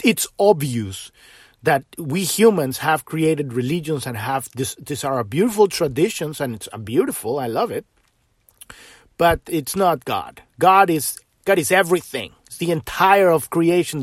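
A man hosting a podcast in an impassioned spiritual monologue, swearing freely and swinging between loud outbursts and soft trailing words. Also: a little high, no echo, clean studio sound. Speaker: podcast host.

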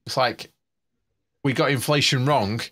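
A man's voice: mid-range voice, measured pace, sharp tone. A man hosting a casual talk show, speaking with enthusiasm in a rambling way, full of restarts. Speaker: show host. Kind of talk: casual chat.

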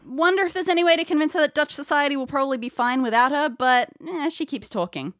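A woman game master narrates an audio adventure with playful, chatty descriptions. Her voice sits a little high, and the recording is close and dry with no room sound. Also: quick pace, hardly any pauses, a bit bright, no echo.

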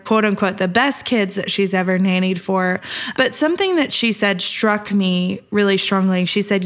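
Woman podcast host, 30s, upbeat and chatty, laughs easily, mid-pitched voice. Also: a bit bright. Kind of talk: casual podcast monologue.

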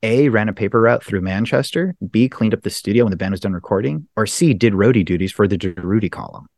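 A man's voice: on the low side, expressive, fast talker, vocal fry, a little mellow, no echo, studio quality. A man hosting a podcast, reading quiz questions in a casual, joking manner. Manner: reads questions, then laughs and jokes. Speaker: podcast host, quizmaster.

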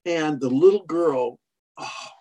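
Brief: rambling male horse trainer, husky and a little high, casual storytelling. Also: slow pace, dark tone. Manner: rambling, with many restarts and "you know".

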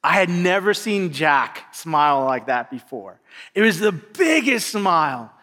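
A man pastor telling a story in a sermon, animated and rising high at the climax, recorded in a church. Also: a little slow. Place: church sanctuary. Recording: long reverb of a church hall.

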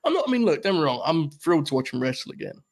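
A man's voice: a little high, very animated, racing. A man co-hosting a podcast, giving his opinion in casual chat in a thoughtful, hesitant way. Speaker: podcast co-host.

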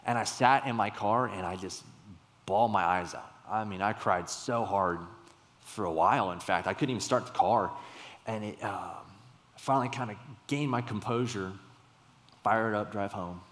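A man's voice: fairly low pitch, moderate pace, fairly bright tone. A young adult man preaching a sermon, telling a personal story in a conversational way with sudden emphatic bursts. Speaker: pastor. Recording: long hall reverb.

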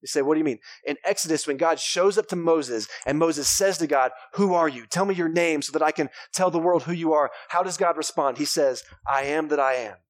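A man's voice: on the high side, fairly quick, few pauses, no room sound. A man, preaching a sermon as pastor in a conversational, joking way with his congregation.

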